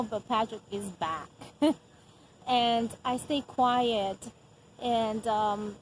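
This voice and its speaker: A middle-aged woman telling a personal faith testimony as a mother, earnest and unhurried, often pausing with soft laughs. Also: a little high, slight background noise, rough recording. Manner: earnest, frequent soft laughs and hesitant "um" pauses.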